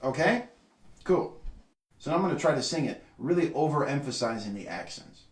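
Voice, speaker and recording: A man teaches trumpet technique, pausing to sing short syllables that mark the rhythm. His voice sits in the middle range and sounds roomy. He is recorded from a few steps back from the mic. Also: mid-range voice, animated, far from the mic, loud music behind the voice. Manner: sings syllables to demonstrate rhythm. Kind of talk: instructional video lesson.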